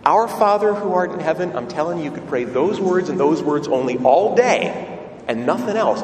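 A male pastor preaches with lively, swinging pitch and a conversational, questioning manner. His voice sits a little high for a man and carries a long hall reverb, picked up from a distance with a faint ambient hum beneath. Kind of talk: sermon. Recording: roomy hall sound from a distant mic.

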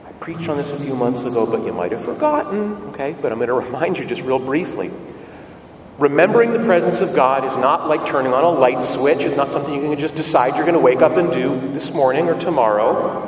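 A man's voice: medium pitch, expressive, brisk, slight background noise. A male priest giving a sermon in a large church, conversational and emphatic, heard from far off in an echoey space.

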